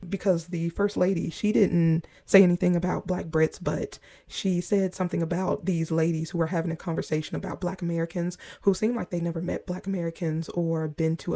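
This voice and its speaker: A woman hosting a reaction commentary, explaining in a measured way with frequent pauses. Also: on the low side, gravelly, mellow. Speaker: commentary channel host.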